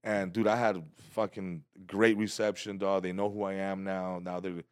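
A man's voice: deep voice, little pitch movement, moderate pace, darkish tone, clean tone, dry recording, studio quality. A man in his thirties, a stand-up comedian, telling a story in casual, profane chat and acting out other people's voices.

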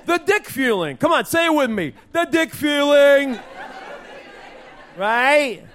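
A man's voice: very high voice, big pitch swings, normal speed, sharp tone, voice pushed up, full character voice. A man voicing his brash cousin from Staten Island doing hammy, crowd-baiting stand-up.

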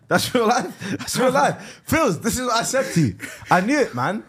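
A man's voice: very high-pitched, very animated, a little slow, fairly bright tone, breathy edge. A man co-hosting a studio podcast, chatting casually in a playful, teasing way and laughing a lot. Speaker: podcast co-host. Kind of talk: casual chat.

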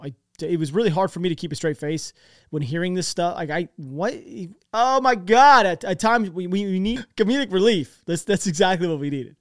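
A man's voice: sits high, fairly quick, no echo, studio quality. Chatty American man rambling over maps. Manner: rambling, chatty, many restarts. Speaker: war-map commentator. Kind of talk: casual commentary over maps.

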